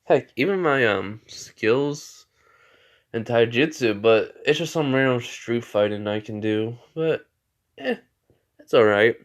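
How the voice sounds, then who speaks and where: A man's voice: mid-range voice, expressive, slow. A man doing a cocky young ninja boy. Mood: boastful. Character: brash young male ninja, cocky and eager.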